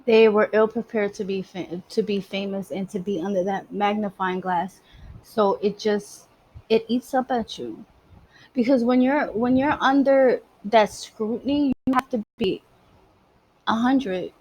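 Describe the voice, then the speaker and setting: Woman, casual monologue, blunt and streetwise, medium pitch. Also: a little slow, darkish tone, husky, rough recording. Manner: emphatic, streetwise, swears freely. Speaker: spiritual vlogger.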